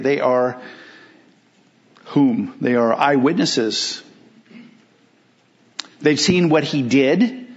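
Pastor preaching an emphatic sermon. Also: male voice, medium pitch, dull audio. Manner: emphatic, with rhetorical questions and slowed key phrases.

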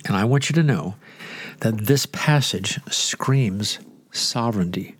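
A man's voice: on the low side, lively intonation, takes it slowly, breathy edge. An older man with a nasal, congested voice from inflamed sinuses, teaching the Bible on the radio in a chatty way with joking asides. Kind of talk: conversational radio sermon.

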